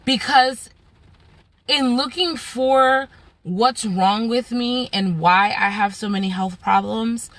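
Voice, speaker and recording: A woman's voice: fairly high pitch, a bit bright, no room sound. Frustrated woman venting to camera. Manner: frustrated, exasperated storytelling. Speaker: vlogger. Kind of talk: casual venting vlog.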